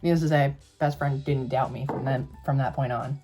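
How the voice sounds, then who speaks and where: Young drag queen man spilling ghost stories, foul-mouthed and dramatic, mellow raspy tone. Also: mid-range voice, steady tone, a little fast, soft background music. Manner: sassy, profane, dramatic. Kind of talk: casual storytelling to camera.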